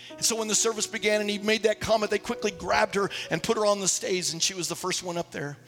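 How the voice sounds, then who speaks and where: A pastor preaching to his church, his man's voice sitting high with a gravelly edge. The sound carries a long hall reverb, with faint music underneath. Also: steady tone, fast talker, fairly bright tone. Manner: preaching, storytelling with acted quotes. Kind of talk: sermon. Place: church sanctuary.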